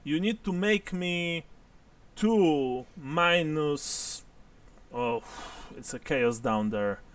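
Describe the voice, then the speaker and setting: A man narrating as game master of a tabletop game, halting and full of fillers. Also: fairly high pitch, animated, fairly bright tone, far from the mic.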